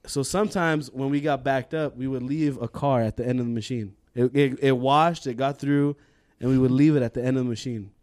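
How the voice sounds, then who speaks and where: A young man casually telling a profane, animated work story on a podcast, laughing as he goes. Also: medium pitch, fairly quick. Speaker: podcast co-host.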